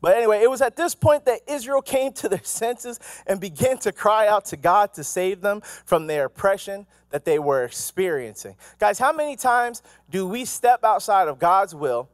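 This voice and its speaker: A male pastor giving an animated, conversational sermon, full of asides and questions to the congregation. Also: high voice, normal speed, hardly any pauses, no echo, clean studio sound. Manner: animated, conversational preaching with asides and acted quotes. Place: church.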